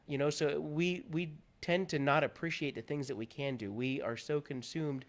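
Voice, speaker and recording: A man's voice: on the high side, moderate pace. Earnest man sharing his story. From Pennsylvania. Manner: earnest, candid, animated when moved. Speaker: guest. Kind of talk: personal story in a talk show interview.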